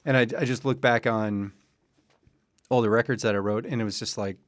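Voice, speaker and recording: A man's voice: on the low side, fairly even intonation, a little fast, no echo, clean studio sound. A man hosting a music podcast, chatting loosely and telling stories about his own songwriting. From United States. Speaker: podcast host. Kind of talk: casual interview talk.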